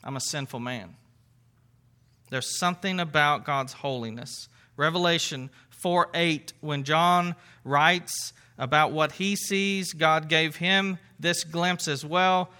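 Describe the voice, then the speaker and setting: A man's voice: fairly high pitch, slow, few pauses, pushed and bright, clear, resonant tone. A man preaching a sermon to his congregation, conversational, with rhetorical questions and asides. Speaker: pastor.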